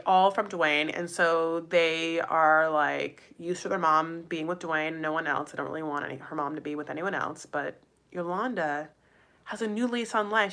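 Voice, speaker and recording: Chatty low-voiced woman vlogger. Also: bright, forceful tone. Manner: chatty, heavy on "like" fillers, playful asides; addresses viewers directly as "you guys" and "honey". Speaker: recap vlogger. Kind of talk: casual gossipy recap chat.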